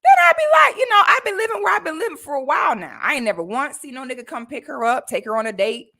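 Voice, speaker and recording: A young woman from Florida, rants through a livestream monologue. Her voice sits high and bright and leaps up and down. She talks loud and profane, with a lot of punch. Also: sing-song, quick pace, gravelly. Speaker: streamer.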